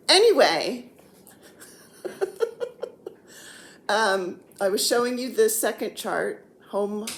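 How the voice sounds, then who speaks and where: A woman in her sixties chatting casually as a cross-stitch vlogger, rambling and joking while seated on the floor at home. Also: medium pitch. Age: 60s. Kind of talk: casual chat.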